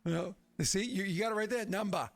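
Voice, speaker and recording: A man's voice: high-pitched, fast talker, vocal fry, soft background music. A young man acting as game master in a tabletop game, chatty and jokey, laughing at his own bits. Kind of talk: running a tabletop game over stream.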